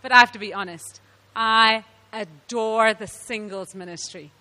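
A woman from South Africa giving a sermon to women, telling stories with animated laughs. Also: fairly high pitch, unhurried, in a large hall. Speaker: women's ministry speaker.

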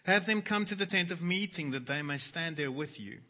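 Bright-voiced man preaching with dramatic swings. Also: on the high side, normal speed. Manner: dramatic, swings from hushed to loud when quoting scripture. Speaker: pastor. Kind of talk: sermon.

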